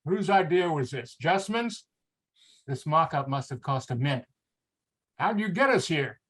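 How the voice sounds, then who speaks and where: A man's voice: fairly high pitch, animated, measured pace, fairly bright tone, slightly rough, exaggerated voice. A man reading the lines of a wry, skeptical actor in a novel excerpt. He sounds dry and grumbling. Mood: amused. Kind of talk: read-aloud novel excerpt.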